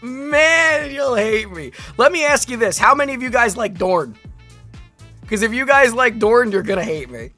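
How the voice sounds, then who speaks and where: A woman VTuber chatting casually on a live stream. She reads out viewer comments in an animated, rambling way and is quick to laugh. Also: fairly high pitch, faint music behind.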